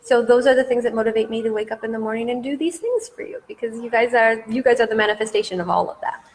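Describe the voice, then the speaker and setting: A woman's voice: fairly high pitch, animated, fast, slight background noise. A woman business coach giving a masterclass, talking with eager, repetitive emphasis. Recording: long hall reverb.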